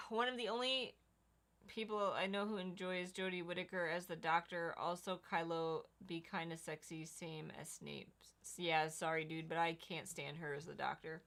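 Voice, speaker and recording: A woman's voice: fairly low pitch, fairly even intonation, measured pace, a bit bright. A woman co-hosting a casual livestream, chatting and reading viewer comments aloud. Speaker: livestream co-host.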